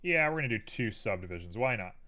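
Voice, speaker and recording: Dude streaming his 3d modeling, chatting to viewers while he works, relaxed and self-deprecating, voice goes up and down a ton. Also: fairly low pitch, quick pace. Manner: thinks aloud, chatty, talks to viewers while working. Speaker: live-stream host modeling in 3D software. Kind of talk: casual live-stream tutorial chat.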